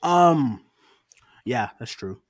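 A man's voice: medium pitch, expressive, very slow, no room sound, clean studio sound. A man co-hosting a podcast, talking in a loose, rambling way with lots of fillers and frequent laughs. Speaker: podcast co-host. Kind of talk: casual chat review.

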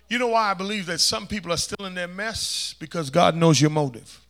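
Male pastor, high voice, call-and-response preaching that swings from loud to hushed. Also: normal speed, pauses often. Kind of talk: sermon.

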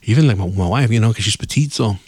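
A man's voice: lowish voice, fast, darkish tone, husky, no room sound. A man hosting a podcast, telling a rambling, profane story in casual chat and laughing often. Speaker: podcast host.

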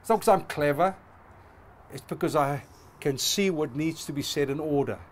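Passionate preacher man, fairly high voice. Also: moderate pace. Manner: passionate, emphatic with rising repetitions. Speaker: pastor. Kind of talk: sermon.

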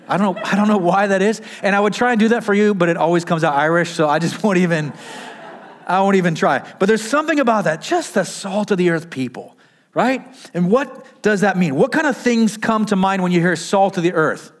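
A man's voice: high voice, animated, a little fast. A man in a pastor's role preaching a sermon in a conversational way, asking the congregation questions and answering them himself, with his voice muffled by a mask. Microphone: wearing a mask.

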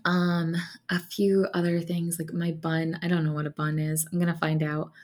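A young adult woman co-hosting a podcast in casual chat, talking quickly and laughing often. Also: low voice, level tone, a little mellow. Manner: chatty and bubbly, laughs often. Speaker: podcast co-host.

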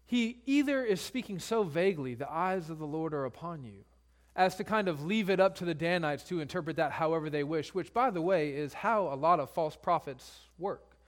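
A man's voice: a little high, lively intonation, a little fast, hardly any pauses. A male pastor preaching a sermon, retelling scripture in casual everyday speech.

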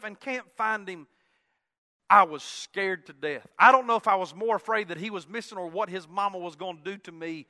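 High bright-voiced preacher man. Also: big-room sound. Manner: swings from loud exclaiming to hushed tones. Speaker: pastor. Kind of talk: sermon storytelling. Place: church sanctuary.

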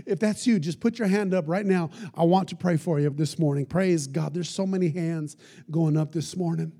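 A man, a pastor, preaching a sermon and leading an altar call, swinging between loud pleading and hushed soft phrases. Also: high-pitched, steady tone, fairly quick.

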